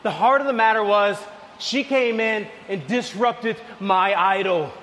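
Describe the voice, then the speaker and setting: A man preaching a sermon, telling a lively everyday story, then dropping to soft, low lines. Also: a little slow, in a large hall, slight background noise. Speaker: pastor.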